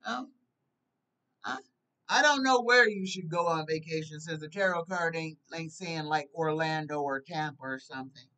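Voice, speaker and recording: A woman giving a tarot reading, slowly reading card keywords aloud and earnestly pleading with the viewer. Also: sits low, fairly bright tone, distant mic, rough recording. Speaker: tarot reader.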